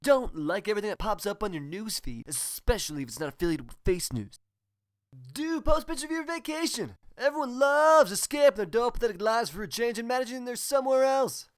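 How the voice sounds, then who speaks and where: A man playing a smug, high-voiced spoof anchorman. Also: expressive, a little fast. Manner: cheesy anchorman patter, boastful. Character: smug, self-obsessed male spoof-news host. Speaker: host. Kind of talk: comedy sketch acting.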